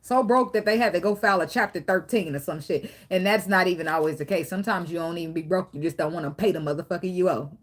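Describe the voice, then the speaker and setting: A woman's voice: on the low side, quick pace, few pauses. A woman giving a casual tarot reading, blunt and profane, talking straight to the viewer. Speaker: tarot reader.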